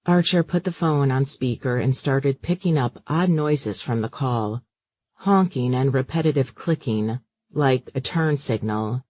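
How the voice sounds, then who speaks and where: A man narrating a romance audiobook in a measured, even storytelling manner. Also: medium pitch, no echo.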